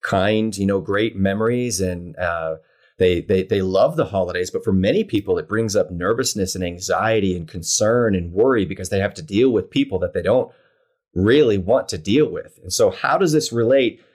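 Low-voiced male interviewer. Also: moderate pace, darkish tone. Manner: conversational, rambling questions, frequent "mm" listening sounds. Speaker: interviewer host.

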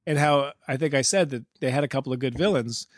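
A man's voice: mid-range voice, quick pace, no room sound, clean studio sound. A man co-hosting a casual movie review chat, wry and joking, teasing his co-host. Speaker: podcast co-host.

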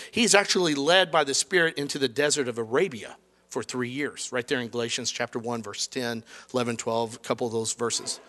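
Male pastor, middle-aged, lively sermon delivery, bright forceful tone, slightly higher voice. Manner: conversational and animated, acts out quoted lines.

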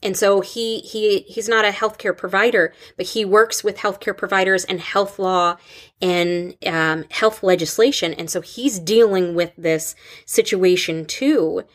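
A woman in her thirties, a school counselor hosting a podcast, talking in a halting, open way with many restarts. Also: mid-range voice. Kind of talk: casual podcast conversation.

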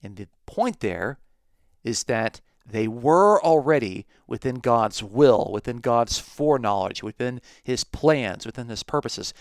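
A man teaching a recorded Bible lesson, measured and emphatic on key words. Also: mid-range voice, animated, clean tone, no echo, studio quality.

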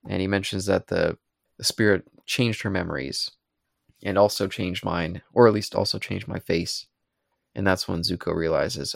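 A man's voice: low-pitched, fairly even intonation, moderate pace, creaky, no echo, clean studio sound. A man co-hosting a podcast, casually retelling episode scenes and briefly acting out the characters' lines. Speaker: podcast co-host. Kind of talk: casual recap chat.

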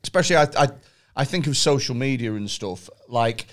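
A man chatting casually as a podcast co-host, animated and sweary, repeating words as he goes. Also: medium pitch, brisk. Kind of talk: casual chat.

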